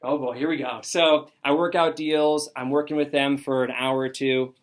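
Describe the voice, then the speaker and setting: A young man telling an excited story to his sales team, acting out the dialogue as he goes. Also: medium pitch, normal speed. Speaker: sales district manager. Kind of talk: motivational talk to a sales team.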